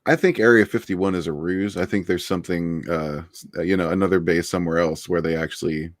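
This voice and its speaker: A man's voice: sits low, steady tone, a little fast, no room sound, studio quality. A man being interviewed on a casual livestream, laid-back and rambling, laughing often. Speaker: interviewed author.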